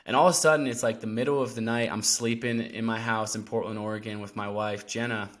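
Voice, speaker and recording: A man as a podcast guest, telling a story in casual talk, animated and full of "like" fillers. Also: on the low side, fast talker. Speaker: podcast guest, endurance athlete.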